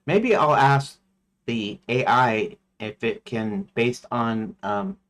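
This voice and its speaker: A man's voice: medium pitch, sing-song, slow, creaky, fairly bright tone. A man streaming his game development, talking casually and thinking aloud as he works, rambling and talking to himself. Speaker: indie game developer livestreaming.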